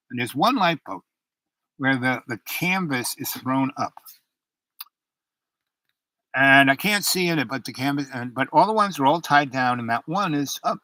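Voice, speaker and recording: A man's voice: medium pitch, bright, forceful tone, dry recording, low-quality recording. A man casually telling a personal anecdote, rambling with many restarts and fillers. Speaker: storyteller.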